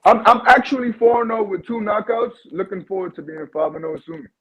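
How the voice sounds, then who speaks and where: A man's voice: high-pitched, fairly quick, breathy edge. A man in his twenties with a New York accent, talking earnestly over a phone in a remote interview, often saying "you know". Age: 20s. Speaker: guest boxer. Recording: tinny phone line.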